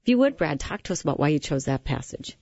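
An enthusiastic host of a faith-based talk show who speaks warmly to a guest. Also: medium pitch, sing-song, fast talker, no room sound. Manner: enthusiastic, reads scripture aloud. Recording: dull, dry lo-fi sound.

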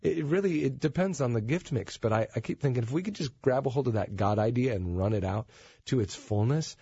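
A man with a very husky, breathy voice speaks on a faith talk show and keeps restarting his sentences. The sound is dry and dull. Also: mid-range voice, expressive, a little fast, dark tone, no room sound.

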